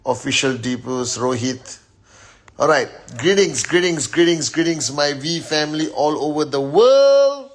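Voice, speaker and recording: A man's voice: mid-range voice, fairly bright tone. A man hosting a casual phone live stream, upbeat as he rattles off names and greetings to his followers. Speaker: network marketing leader hosting a live stream. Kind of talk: casual Instagram live shout-outs.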